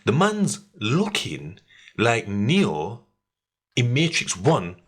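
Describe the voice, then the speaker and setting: Animated man telling stories. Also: mid-range voice, extremely slow, slightly rough. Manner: animated storytelling with street slang. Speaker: podcast host. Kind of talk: casual chat.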